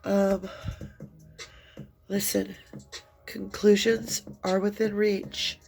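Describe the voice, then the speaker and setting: A woman's voice: medium pitch, little pitch movement, gravelly, a little mellow, faint music behind. A woman giving an emotional tarot reading, crying and speaking in a heartfelt, soothing way. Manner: tearful, heartfelt, slow and soothing. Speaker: tarot reader.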